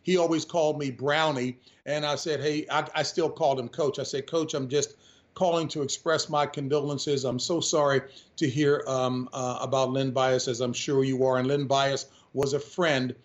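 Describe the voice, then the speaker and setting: Lively storytelling man, lo-fi sound. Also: medium pitch, normal speed. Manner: lively storyteller who keeps addressing the host. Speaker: sportscaster and guest. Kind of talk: storytelling in a radio interview.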